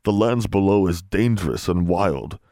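A man's voice: deep voice, lively intonation, normal speed, mellow, no room sound, studio quality. A man voicing a grave male elf who speaks formally in broken grammar. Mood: solemn.

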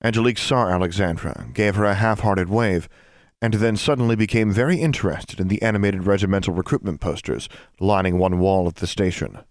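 A man narrating an audiobook in an even, steady storytelling manner. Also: deep voice, fairly quick, no room sound, studio quality.

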